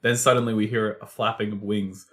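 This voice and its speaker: A man's voice: lowish voice, little pitch movement, brisk, fairly bright tone. A man narrating an improvised audio drama casually, with frequent fillers. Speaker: co-host and improviser.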